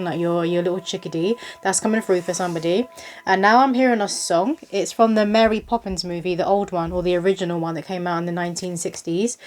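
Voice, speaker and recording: A woman's voice: mid-range voice, darkish tone. A woman host giving a casual spiritual reading to her viewers, chatty and rambling, with lots of likes and ums. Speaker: psychic reader.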